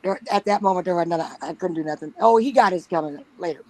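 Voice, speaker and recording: A woman's voice: lowish voice, fairly quick, no room sound, poor audio. A woman telling a story in casual talk at home, blunt and swearing freely, often giggling. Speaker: panel guest. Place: at home with pets nearby. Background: dog snoring.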